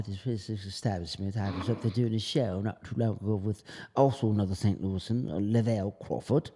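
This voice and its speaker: Man guest, animated storyteller, low husky voice, roomy long-reverb sound. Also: fairly quick, few pauses. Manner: animated storyteller, slips into voices, laughs often. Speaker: comedian guest. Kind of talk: casual podcast chat.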